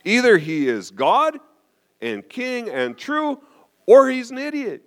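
A man's voice: extremely high pitch, wildly swooping pitch, takes it slowly, a bit bright. A man preaching a sermon, explaining scripture with rhetorical questions and frequent check-ins with his listeners. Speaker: pastor.

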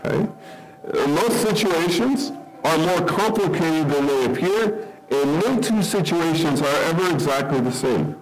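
A middle-aged man preaching a sermon to his congregation in a relaxed, conversational way, often checking in with "okay?" and repeating words as he restarts. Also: on the high side. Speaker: pastor. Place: church hall with congregation. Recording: roomy echo with music behind.

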